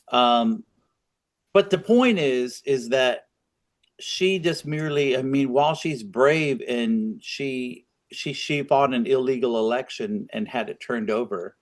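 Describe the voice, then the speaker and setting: A man co-hosting a political podcast, talking in a rambling, opinionated way with frequent restarts. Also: medium pitch. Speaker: podcast co-host. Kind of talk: casual political chat.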